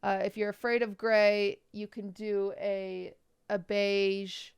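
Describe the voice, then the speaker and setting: A woman's voice: mid-range voice, little pitch movement, takes it slowly, smooth. A woman streamer giving blunt, teasing design critiques in a casual livestream chat. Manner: blunt, teasing, nitpicky advice. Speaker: streamer reviewing viewers' bedrooms.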